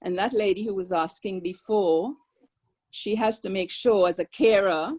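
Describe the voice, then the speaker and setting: A woman's voice: mid-range voice, normal speed, darkish tone, poor audio. An older woman, speaking as a caregiver guest on a webinar, earnest and conversational. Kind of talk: sharing personal experience on a webinar.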